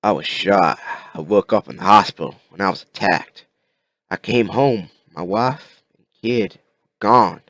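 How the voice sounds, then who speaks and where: A man voicing a frightened grown man who wakes into disaster, yelping and shouting in panic. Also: low-pitched, unhurried, dry recording, heavily acted. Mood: confused.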